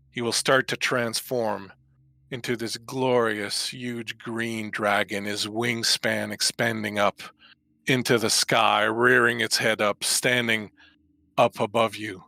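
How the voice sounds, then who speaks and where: A man's voice: lowish voice, flat delivery, slow, creaky, bright, forceful tone, dry recording. A man narrating a tabletop game as game master, telling the story in a descriptive, dramatic way over a video call.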